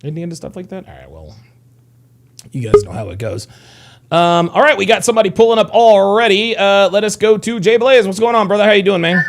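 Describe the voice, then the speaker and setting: Over background noise, a man in his thirties hosts a casual livestream, speaking fairly quickly in a high-pitched voice. He rambles and swears as he reads chat comments.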